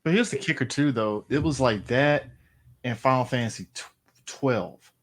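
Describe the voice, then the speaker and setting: A man's voice: medium pitch, moderate pace. A man co-hosting a podcast in casual chat, telling rambling stories in a loose way. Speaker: podcast co-host.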